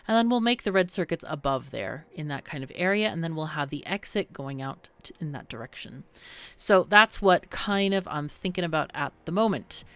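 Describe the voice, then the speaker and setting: A slightly hoarse woman, losing her voice a little, hosting a game tutorial in chatty, casual commentary and thinking out loud as she plays. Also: fairly low pitch, no room sound. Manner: chatty and thinking aloud, with fillers. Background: faint background music.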